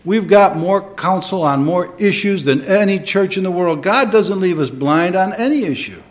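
A man preaching a sermon, moving between quiet reflection and emphatic, rising delivery. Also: sits high, animated, moderate pace. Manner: dynamic, swings between soft and emphatic.

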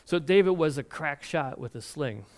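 Animated preaching man, smooth voice. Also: on the high side, normal speed. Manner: animated storytelling with frequent laughs and restarts. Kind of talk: sermon retelling a Bible story.

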